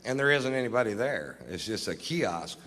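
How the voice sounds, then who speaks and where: A man doing a stand-up set, telling a long story in a drawling, deadpan, profane way. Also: medium pitch, moderate pace, long reverb tail. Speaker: stand-up comedian. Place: comedy stage.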